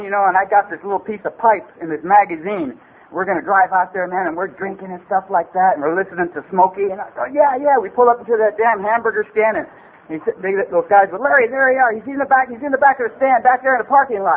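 Middle-aged LA man, high voice, loose rambling storyteller, thin phone-like sound. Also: fast talker, slightly rough. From Los Angeles area. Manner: loose rambling delivery full of "man" and "you know". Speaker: recovery meeting speaker. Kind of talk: comic personal storytelling. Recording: tinny phone-like recording with faint hiss.

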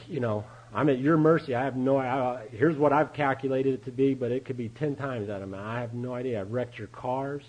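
A man's voice: mid-range voice, a little fast, darkish tone, slightly rough, poor audio. A man speaking at a recovery meeting, giving a candid personal testimony, storytelling and chuckling often.

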